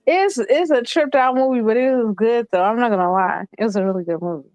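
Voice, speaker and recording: High-voiced chatty woman on a call. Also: a little fast, a little mellow, dry recording, rough recording. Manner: chatty, rambling with many fillers. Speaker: call-in panelist. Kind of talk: casual chat.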